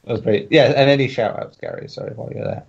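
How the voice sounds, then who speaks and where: A man's voice: mid-range voice, quick pace, creaky, a little mellow, slightly rough. A man hosting a podcast in a laid-back, casual way, handing turns to guests. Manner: laid-back, chuckles between remarks. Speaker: podcast host. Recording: dull lo-fi audio.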